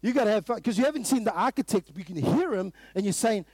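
A fast-talking man with a New Zealand accent and a breathy edge to his high-sitting voice preaches at a morning prayer meeting. Animated and emphatic, he fires off repeated rhetorical questions and now and then bursts out loudly, with no echo on the recording.

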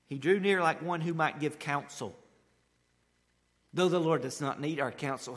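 Male preacher, bright earnest delivery, loud to hushed, reverberant hall. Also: on the high side. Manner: earnest, swings from loud bold declarations to hushed asides. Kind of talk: sermon.

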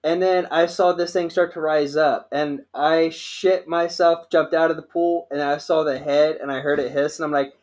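A man's voice: fairly high pitch, steady tone, brisk, few pauses, a little mellow. A man who is a podcast guest, telling stories bluntly in casual chat and swearing freely.

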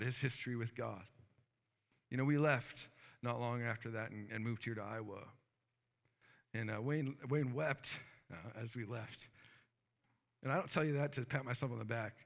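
Gravelly-voiced preacher in an echoing hall. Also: male voice, mid-range voice, fairly bright tone. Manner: storytelling, earnest, many fillers. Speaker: pastor. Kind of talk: sermon.

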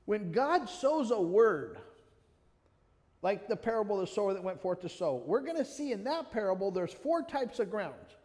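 A man's voice: high-pitched, a little mellow, long reverb tail. A man preaching an earnest sermon, reading scripture aloud and speaking directly to listeners by name. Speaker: pastor.

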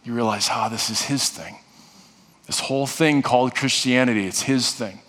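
A man's voice: medium pitch, normal speed, a bit bright. Man preaching in an echoing hall. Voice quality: earnest, repeats and restarts phrases. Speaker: pastor. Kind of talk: sermon. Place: church sanctuary. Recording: long reverb of a large hall.

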